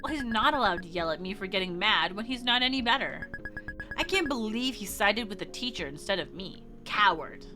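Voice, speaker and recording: A woman's voice: medium pitch, animated, brisk, lightly acted. A woman reading the part of a hot-tempered, defiant teenage girl aloud from a visual novel, in an angry, blunt manner. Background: game music.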